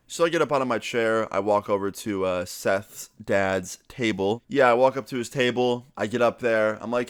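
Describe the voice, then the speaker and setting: A young man telling a story on his vlog in a casual, animated way, swearing freely and raising his voice to act out what others said. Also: lowish voice, moderate pace, few pauses, smooth, dry recording, clean studio sound. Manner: animated, swearing, acts out quotes in raised voice. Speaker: vlogger telling a story time.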